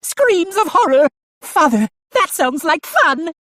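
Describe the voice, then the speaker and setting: An actor voicing a newborn evil ventriloquist dummy, eager and cruel, with a high raspy voice, in an audiobook. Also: male voice, very animated, slow, sharp tone, no echo, studio quality, full character voice. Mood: gleeful. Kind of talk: audiobook narration.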